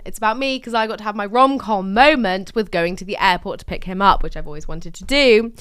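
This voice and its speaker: A woman's voice: medium pitch, expressive, fast, fairly bright tone, smooth, no echo, clean studio sound. An English woman hosting a solo diary podcast, chatting in rambling, sweary, self-mocking rants. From England. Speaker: podcast host.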